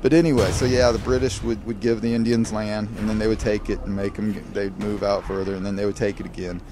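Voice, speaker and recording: A man's voice: on the low side, flat delivery, fast, noisy background. Rambling, grumbling male gamer. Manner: digressive, grumbling, talks to viewers. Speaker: gaming video creator. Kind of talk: rambling gameplay commentary.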